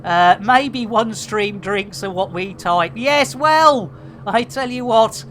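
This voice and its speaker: A woman's voice: medium pitch, slow pace, a bit bright, a little hiss or hum. A woman in her fifties streaming a game live, chatting with viewers in an exclamatory way and swearing freely. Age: 50s.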